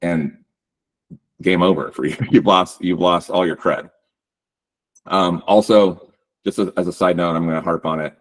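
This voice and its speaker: A man giving a casual webinar talk on real estate branding, relaxed and loose with lots of ums and likes. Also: low voice, a little slow, long pauses. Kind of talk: webinar presentation.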